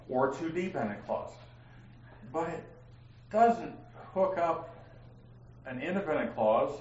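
A man's voice: a little high, reverberant, muffled recording, slight background noise. A man teaching a Bible class, explaining grammar step by step and reading passages aloud to students. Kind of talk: classroom lecture on scripture grammar.

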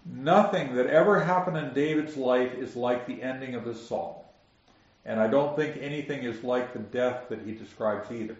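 A man's voice: medium pitch, normal speed. A man teaching a Bible study, reading scripture aloud, explaining it and asking his listeners questions. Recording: very echoey muffled room recording.

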